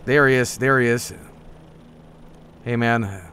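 Speaking slowly in a mid-range, fairly bright voice over a little hiss or hum, a man streams a game and chats casually. He rambles through tasks and stories, swears often, and gets startled easily in this laid-back gameplay commentary.

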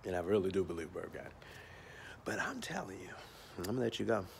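A man from Georgia, telling a lively story outdoors about his lawn care work, often stumbling over repeated words. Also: low-pitched, fast talker, vocal fry, a little hiss or hum. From Atlanta, Georgia. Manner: animated, stumbling repeats, acts out bits. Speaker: lawn care worker filming a vlog. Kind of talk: casual storytelling. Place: outdoors by a carport.

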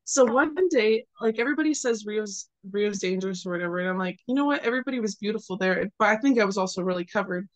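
A young woman sharing a personal faith testimony in casual, animated storytelling, laughing often and acting out the people she met. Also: mid-range voice, fast, few pauses.

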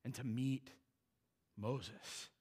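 A man preaching a sermon in a conversational, animated way, with casual asides to the congregation. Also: medium pitch, extremely slow. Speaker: pastor.

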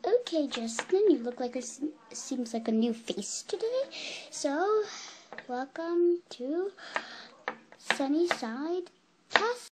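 A child voicing a fussy female pet camp counselor in a toy role-play video, halting with ums. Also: high-pitched, very animated, slight background noise, full character voice. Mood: bossy. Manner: fussy, calls campers honey, halting with ums.

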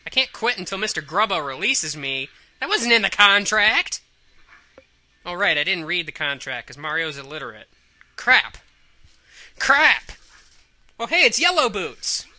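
Woman, let's play host, casual gameplay commentary, jokey and excitable, very bright tone, lively pitch. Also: moderate pace.

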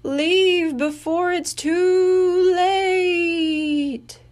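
A woman moaning as a drawn-out wailing ghost. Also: very high voice, fairly even intonation, a little mellow, voice pushed up, exaggerated voice. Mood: eerie warning.

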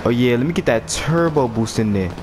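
A young man giving goofy, slang-filled commentary while playing a game, swinging between loud outbursts and low mumbles. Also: animated, fairly quick, background noise. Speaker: gameplay streamer. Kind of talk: comedic gameplay commentary.

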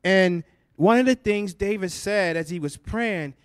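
A man preaching with a high, light voice and growing fervor, moving from testimony into impassioned prayer. The sound is dry and close, with no room echo. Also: unhurried, clear, resonant tone. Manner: fervent, rising to impassioned prayer. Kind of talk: sermon with testimony and reading.

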